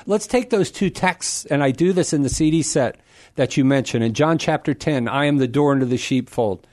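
A middle-aged man hosting a call-in radio show, explaining Scripture to a caller in an animated, emphatic way and acting out crowd voices for humor. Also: medium pitch, moderate pace. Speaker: Catholic radio host answering a caller. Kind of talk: call-in radio Bible teaching.

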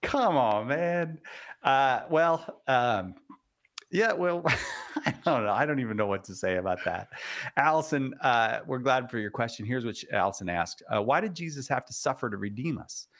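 Guy hosting a radio call-in show, bit of vocal fry, laid back and jokey. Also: mid-range voice, normal speed. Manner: relaxed, joking, lots of uh fillers. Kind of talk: casual radio talk show chat.

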